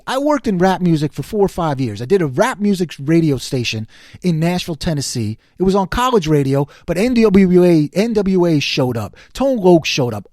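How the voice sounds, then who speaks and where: A man's voice: high-pitched, no echo, studio quality. An older man from the New York City area, ranting and complaining in a casual, sarcastic monologue. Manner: animated, sarcastic, exasperated complaining. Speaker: commentary show host.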